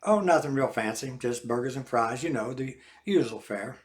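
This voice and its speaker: A man's voice: mid-range voice, lively intonation, moderate pace, close to an everyday voice. An older man voicing his friendly, coaxing male business partner in a memoir reading. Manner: coaxing, playful.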